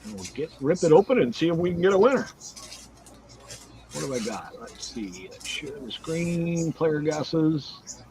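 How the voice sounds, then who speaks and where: A man's voice: fairly high pitch, measured pace, a little hiss or hum, low-quality recording. A man hosting a casual livestream card break, reading out cards and teams one after another. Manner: reads out cards and teams in a steady run.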